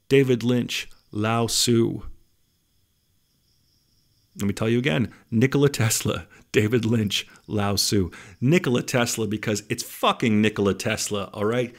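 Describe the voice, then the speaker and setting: A man's voice: medium pitch, vocal fry. A man hosting a casual listener Q&A podcast, laid-back and rambling, swearing now and then, with his voice starting to go. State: losing his voice. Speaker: podcast host.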